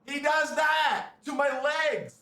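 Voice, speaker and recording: A man streaming live, telling chat a crude, animated story full of swearing. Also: very high-pitched, slow pace, dry recording.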